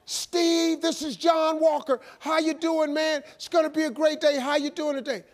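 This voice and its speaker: A man acting out a relentlessly cheerful male mentor who phones at dawn, loud and sing-song. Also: extremely high pitch, flat delivery, normal speed, voice pushed up. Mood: upbeat, pumped.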